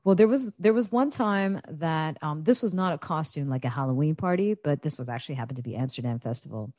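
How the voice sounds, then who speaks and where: An American woman with a low, dark-toned voice recounts a party prank in relaxed conversation. The sound is dry and close, with no room around her. She laughs often and slips into the voices of the people in her story. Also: quick pace, dry recording. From United States. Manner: animated, laughing, acts out quoted voices. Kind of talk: casual storytelling chat.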